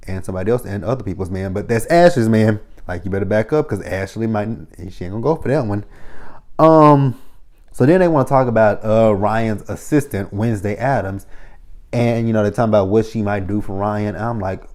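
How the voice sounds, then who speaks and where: A man's voice: lowish voice, normal speed, a little mellow. A young man giving a blunt, profane, mocking recap of a reality TV episode as a show reviewer.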